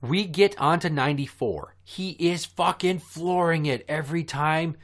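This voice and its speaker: A podcast host, a man, telling a long profane story in casual chat, animated and quick to curse. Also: on the high side.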